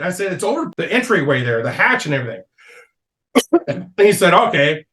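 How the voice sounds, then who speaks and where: A man's voice: high-pitched, big pitch swings, fairly quick, pauses often, fairly bright tone. A man telling a long, rowdy story on a comedy podcast, swearing freely and laughing as he goes. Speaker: podcast guest.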